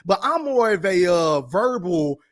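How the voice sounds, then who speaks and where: High-voiced profane streaming host. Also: male voice, sing-song, unhurried. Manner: loose, profane, streetwise, reads chat aloud. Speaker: livestream host. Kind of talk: casual live-chat talk.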